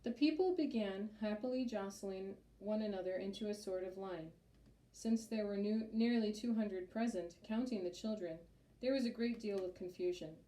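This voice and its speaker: Mellow woman narrating a storybook. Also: medium pitch, moderate pace. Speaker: audiobook narrator. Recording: roomy echo.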